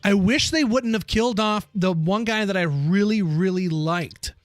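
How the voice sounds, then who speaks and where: A young man live streaming a game and chatting loosely with his viewers, opinionated and full of slangy asides. His voice sits a bit high for a man. The sound is dry and close, with no room around it. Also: normal speed, no echo.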